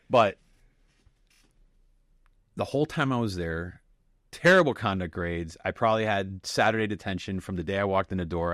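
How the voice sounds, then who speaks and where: A man's voice: low voice, no echo, studio quality. A man in his forties from Miami, a podcast guest telling candid stories and acting out the people in them. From Miami, United States. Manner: animated storyteller who acts out quoted people and laughs often. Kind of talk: candid storytelling interview.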